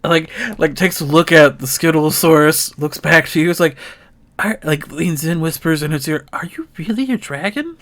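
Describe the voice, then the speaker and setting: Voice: medium pitch, moderate pace, no echo. A game master narrating a tabletop session, speaking in an easygoing, meandering way. The talk is full of small fillers and restarts as the scene gets described. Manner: relaxed, rambling, many fillers.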